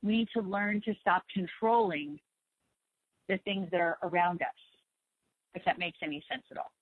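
A woman host talks in a gentle, reassuring way, circling back over the same words. Her voice comes through thin and tinny, like a phone line. The sound is dry, with no room around it. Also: on the low side, moderate pace, no room sound. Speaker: spiritual talk show host. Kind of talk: slow soothing talk on meditation and letting go.

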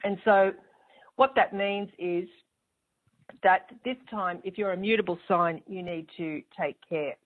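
A woman's voice: lowish voice, measured pace. A woman hosting an astrology show, explaining in a chatty, rambling way with a smile in her voice. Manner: chatty, rambling, with fillers and restarts; smiling as she talks. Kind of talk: casual spoken explanation. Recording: tinny phone-line sound.

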